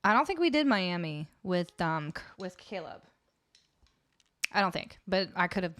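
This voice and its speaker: A woman's voice: fairly low pitch, very animated, moderate pace, a bit bright, dry recording. A young Canadian woman hosting a music livestream, chatting casually with viewers, often laughing and trailing off mid-sentence. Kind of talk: casual chat with live chat.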